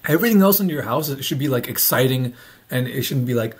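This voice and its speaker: Husky sarcastic reaction host, man. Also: medium pitch, expressive, quick pace. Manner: blunt, sarcastic, mocking. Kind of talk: casual commentary.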